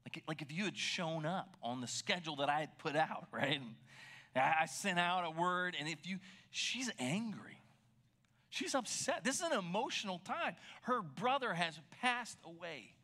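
A man preaching a sermon in a conversational, animated way, sometimes dropping to a near whisper for emphasis. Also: fairly high pitch, moderate pace. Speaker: pastor.

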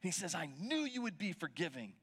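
A man's voice: high-pitched, very animated, quick pace, a bit bright, breathy edge. A man preaching a sermon as pastor, retelling scripture in a conversational way and checking in with his listeners.

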